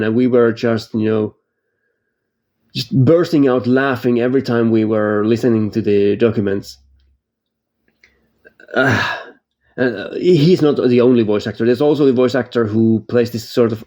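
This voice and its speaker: A man's voice: medium pitch, dark tone. A man who is not a native English speaker, casually reviewing games, rambling and restarting his sentences and laughing easily. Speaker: game reviewer. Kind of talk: casual spoken game review.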